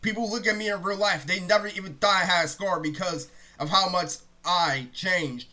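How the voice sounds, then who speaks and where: High, bright-voiced young man ranting. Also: fairly even intonation, moderate pace. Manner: heated, profane, rambling rant. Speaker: vlogger. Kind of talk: ranting monologue to camera.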